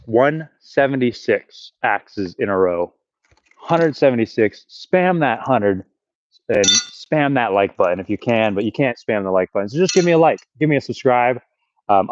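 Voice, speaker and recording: Recorded with lo-fi sound, a man with a lowish voice gives live-stream commentary on his backyard axe throwing, calling out his throw count, cursing, and talking to the people in his chat.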